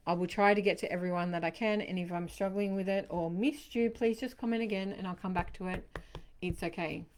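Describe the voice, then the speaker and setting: A woman hosting a live-streamed tarot card reading, chatting warmly to viewers by name and passing on reassuring messages. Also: mid-range voice. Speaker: tarot reader.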